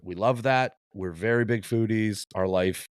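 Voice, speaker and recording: A man co-hosting a podcast, telling animated anecdotes with swearing and laughter. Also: fairly low pitch, measured pace, no echo, clean studio sound. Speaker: podcast co-host. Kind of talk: casual podcast chat and storytelling.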